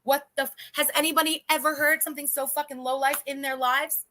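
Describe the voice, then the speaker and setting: A woman's voice: sits high, flat delivery, fairly quick, pushed and bright, a little hiss or hum. A woman in her thirties hosting a livestream, chatting casually in a blunt, profane and indignant way, rambling with restarts. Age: 30s. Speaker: livestream host.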